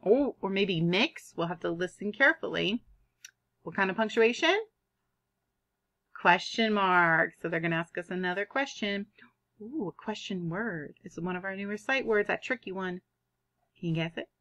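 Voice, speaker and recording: A woman teaching a kindergarten reading lesson, sounding out words in an animated, drawn-out way. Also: mid-range voice. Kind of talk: online phonics lesson for young children.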